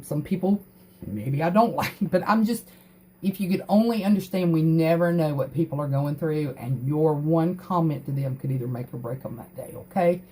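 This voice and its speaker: A woman's voice: lowish voice, darkish tone, a little hiss or hum. A middle-aged woman hosting a crafting livestream, chatting earnestly and greeting viewers by name. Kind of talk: casual livestream chat.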